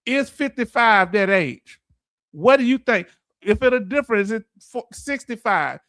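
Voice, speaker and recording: A middle-aged man with a Southern US accent hosts a casual livestream, joking, laughing and reading viewer comments aloud. His high, expressive voice has a fairly bright tone and comes a little slowly, recorded cleanly in a studio with no room sound.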